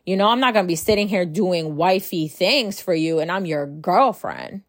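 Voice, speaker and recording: A woman's voice: on the low side, normal speed, dry recording. A woman in her thirties talking casually and bluntly, full of profanity and rhetorical "right?" questions, with a close dry sound. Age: 30s. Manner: rhetorical, keeps asking "right?". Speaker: host. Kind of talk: casual monologue.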